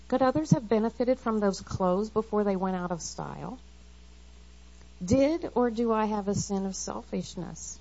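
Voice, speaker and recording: A woman's voice: medium pitch, a little mellow. Earnest middle-aged woman, devotional talk. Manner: earnest, confessional, quotes scripture. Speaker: women's Bible study speaker. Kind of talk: devotional talk read aloud. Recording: slightly dull lo-fi recording.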